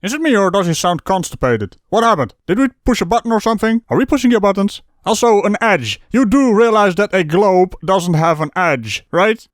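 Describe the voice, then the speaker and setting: A man talks over clips with sharp sarcasm, his voice pitched high and swinging widely as he mocks. The recording sounds close and dry. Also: lively intonation, brisk, hardly any pauses, dry recording. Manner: mocking, sarcastic, laughs at clips. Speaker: debunking commentator. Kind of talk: sarcastic reaction commentary.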